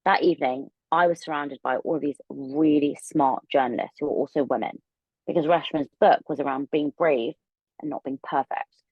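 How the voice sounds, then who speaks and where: A young woman telling a long story as a podcast guest, rambling and animated with plenty of fillers. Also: low voice, normal speed, husky, dry recording, muffled recording. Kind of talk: casual storytelling interview.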